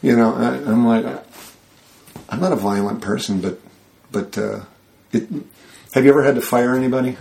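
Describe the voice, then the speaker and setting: A man in a casual interview, telling a rambling, animated story and acting out the people he quotes. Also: mid-range voice, normal speed, vocal fry, pauses often. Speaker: guest.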